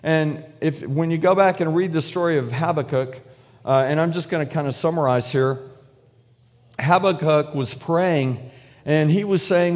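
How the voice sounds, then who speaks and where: A man with a fairly high voice preaches a sermon in a church, talking in a loose, conversational way with restarts and fillers. He slips into acted-out prayers and replies as he retells the story. The sound rings with the long reverb of a church hall. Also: normal speed, a little mellow. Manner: acts out prayers and God's replies in paraphrase. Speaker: pastor.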